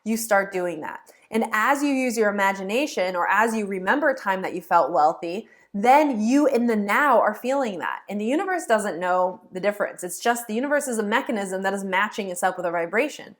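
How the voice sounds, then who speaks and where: A woman's voice: medium pitch, animated, fairly quick, few pauses. A woman teaching her viewers directly, upbeat, acting out imagined inner voices as she explains. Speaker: law of attraction teacher. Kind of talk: teaching to camera, casual.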